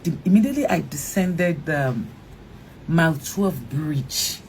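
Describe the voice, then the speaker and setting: Animated Nigerian woman retelling an ordeal. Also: sits low, a little slow, a little hiss or hum. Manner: animated, acts out quoted dialogue, frequent restarts. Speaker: actress and interview guest. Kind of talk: emotional storytelling interview.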